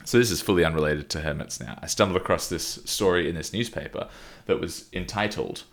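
A man's voice: deep voice, a little fast, vocal fry. A man co-hosting a casual podcast, telling long rambling stories and laughing often. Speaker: podcast co-host.

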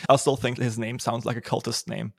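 A man's voice: mid-range voice, level tone, fairly quick, vocal fry, breathy edge, no echo, studio quality. A man hosting a podcast and talking about his own writing in a casual, joking way, swearing now and then. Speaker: podcast host and author.

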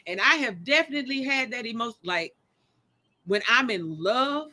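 Woman podcast host, bright and forceful voice, candid and emphatic, quick to laugh. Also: a little high, lively intonation. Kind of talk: casual chat.

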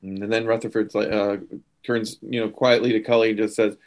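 A man's voice: fairly low pitch, little pitch movement, fairly quick, darkish tone. A man playing a tabletop role-playing game, speaking hesitantly with stammers. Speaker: player.

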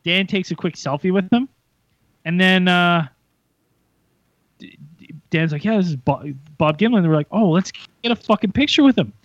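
A man's voice: high-pitched, normal speed, long pauses, no room sound, muffled recording. A man hosting a podcast, telling a story animatedly with swearing and acted-out quotes. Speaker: podcast host. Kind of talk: casual chat.

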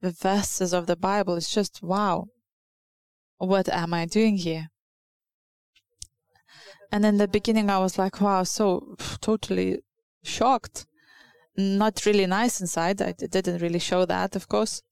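Female preacher, English. Unhurried delivery, some fry, earnest and halting sermon. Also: mid-range voice, fairly even intonation, a little mellow. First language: Lithuanian.

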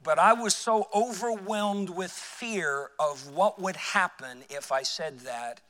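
A man preaching a sermon as pastor, telling a personal story and dropping quiet for emphasis. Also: a little high, long reverb tail. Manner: storytelling, acts out quoted voices, drops quiet for emphasis. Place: church sanctuary.

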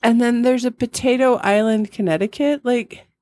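A woman's voice: a little high, steady tone, normal speed, dark tone. A middle-aged woman co-hosting a podcast in casual chat, rambling and laughing often. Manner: chatty, giggly, rambling. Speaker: podcast co-host.

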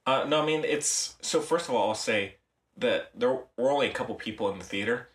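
A man's voice: mid-range voice, lively intonation, brisk, a bit bright, distant mic. Young man hosting a film podcast. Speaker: podcast host. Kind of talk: casual chat. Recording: roomy echo, voice set back from the mic.

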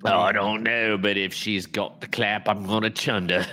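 A man's voice: fairly low pitch, steady tone, moderate pace, pushed and bright, slight background noise. A man co-hosting a podcast in casual chat, joking around and slipping into silly voices. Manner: jokey, slips into silly voices and bits. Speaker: podcast co-host.

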